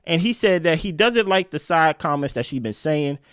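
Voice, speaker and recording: A man hosting a casual reality show recap, talking in an animated, slangy way. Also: fairly high pitch, moderate pace, clean tone, no room sound, clean studio sound. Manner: animated, slangy, jumps into quoted voices.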